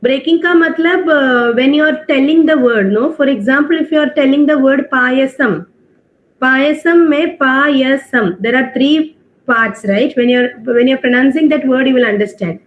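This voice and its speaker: A woman's voice: high voice, normal speed. A woman teaching an online English class, explaining step by step, checking with questions and mixing in Hindi phrases. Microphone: video call. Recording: dull online-class audio.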